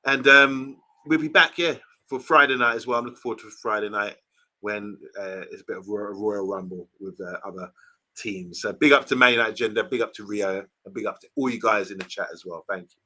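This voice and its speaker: A man co-hosting a football fan livestream in casual chat, animated and acting out imagined conversations. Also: fairly low pitch, brisk.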